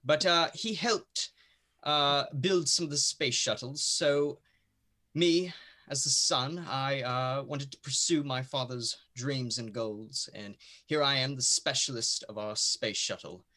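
A man's voice: medium pitch, slow, bright, forceful tone. A man playing in a tabletop role-playing game, introducing his character while hesitating and thinking aloud. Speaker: player. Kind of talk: tabletop role-play chat.

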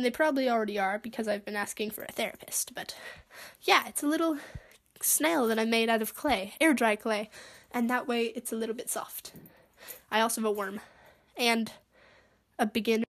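A woman's voice: on the high side, a bit bright. A young woman from Utah hosting a solo podcast from her bedroom, chatting in a rambling, awkward, self-deprecating way. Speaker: podcast host.

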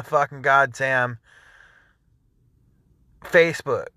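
A man's voice: mid-range voice, a little slow, fairly bright tone, dry recording. An irate male host rambles and swears nonstop between songs on his music show. His voice sits in a middle register and sounds dry and close, with no room around it. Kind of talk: profane ranting chat between songs.

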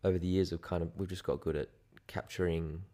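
A man's voice: low voice, fairly even intonation, quick pace, dark tone. A man with an Australian accent, a podcast guest who talks in a laid-back, enthusiastic way and drops slang. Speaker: guest, aerial filming business owner. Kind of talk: casual chat.

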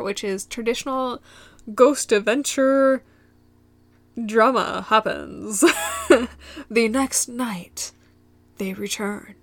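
A woman's voice: medium pitch, a bit bright, no echo. A young woman from Michigan hosting a solo podcast, recapping a show in a giggly, rambling way that drifts into tangents. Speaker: podcast host.

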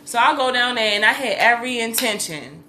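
A woman's voice: a little high, fairly quick. A middle-aged woman telling a long story in casual talk, swearing freely and acting out what everyone said. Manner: animated, profane, acts out quotes loudly. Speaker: podcast co-host.

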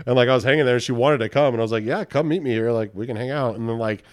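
A man tells a rambling story in relaxed, slangy podcast chat. His voice is smooth and resonant, and he sits at an average pitch for a man. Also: very fast. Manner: laid-back, crude slang, peppers speech with "bro" and "dude". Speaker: podcast guest.

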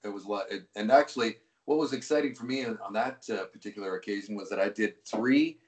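A hockey play-by-play broadcaster, appearing as a guest, tells a long story in an interview, relaxed and rambling, restarting often. He talks fast in a lowish voice, and the recording is reverberant.

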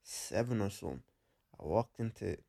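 A man's voice: fairly low pitch, lively intonation, unhurried, creaky, mellow. A young man co-hosting a casual chat, telling stories in a laid-back but emphatic way. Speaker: podcast co-host.

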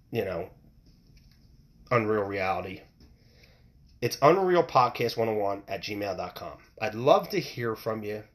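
A man hosting his own podcast, talking bluntly and rambling, with frequent swearing. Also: mid-range voice. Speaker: podcast host. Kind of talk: opinionated solo podcast rant.

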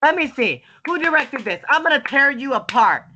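Young adult on a video call, crisp bright voice, cussing nonstop, yelling and cry-laughing. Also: high voice, sing-song, moderate pace, muffled recording. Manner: swears constantly, bursts into shouting and cry-like laughing. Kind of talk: casual profane rant. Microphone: webcam on a video call.

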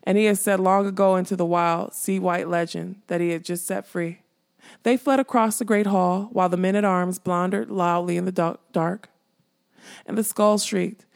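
A woman narrating a fantasy audiobook with steady storytelling. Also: fairly low pitch, moderate pace, vocal fry. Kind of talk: scripted narration.

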